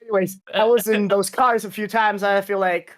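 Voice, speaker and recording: A man's voice: high voice, steady tone, a little fast, fairly bright tone. A man chatting on a casual podcast about racing games, rambling, correcting himself and laughing at his own choices. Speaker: vtuber racing club member.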